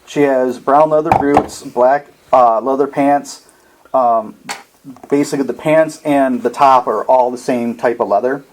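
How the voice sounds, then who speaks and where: A man's voice: medium pitch, a little slow, slight background noise, low-quality recording. Easygoing male dungeon master. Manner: relaxed, rambling descriptions with fillers. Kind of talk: narrating a tabletop game.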